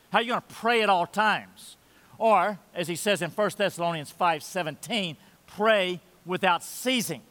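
A man preaching a sermon, pressing hard on key words and then dropping low and quiet. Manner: emphatic preaching, swings loud and soft. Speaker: pastor. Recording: long hall reverb.

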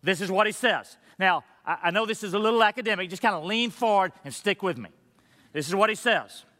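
A male pastor preaching a sermon in a high, bright, forceful voice. He is earnest and emphatic, shifting into patient teaching asides. The sound carries a long church-hall reverb. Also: lively intonation, a little fast. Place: church sanctuary.

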